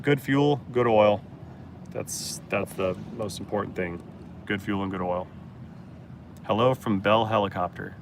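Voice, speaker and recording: A man's voice: mid-range voice, gravelly, a bit bright, slight background noise. A man hosting a casual live-stream Q&A as a mechanic, blunt and joking as he answers chat.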